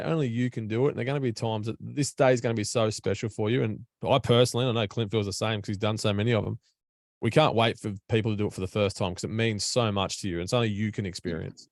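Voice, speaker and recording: A man's voice: fairly low pitch, no echo, clean studio sound. An Australian man hosting a casual podcast over an online call from home, chatty, blunt and matey. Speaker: podcast host.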